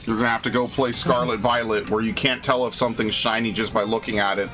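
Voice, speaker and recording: Exasperated New streamer ranting. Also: male voice, fairly low pitch, fairly even intonation, quick pace, a bit bright, faint music behind. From New York. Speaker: game streamer. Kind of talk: live game stream commentary.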